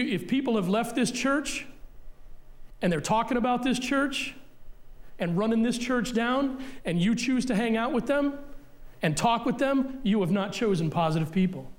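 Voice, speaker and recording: A middle-aged man preaching a sermon as pastor in a church, blunt and forceful with repeated punchlines. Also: very high-pitched, animated, normal speed. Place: church sanctuary.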